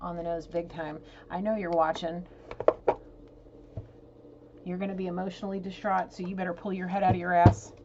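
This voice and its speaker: A woman's voice: lowish voice, flat delivery, fast talker, few pauses. A woman giving a casual tarot reading, emotional, blunt and exasperated as she talks. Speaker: tarot reader. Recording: dull lo-fi sound with clear noise.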